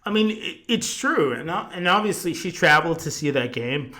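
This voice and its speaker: A man's voice: a little high, normal speed. Foul-mouthed rambling man telling a story. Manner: swears constantly, rambling and animated. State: tipsy. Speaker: podcast host. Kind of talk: casual storytelling chat.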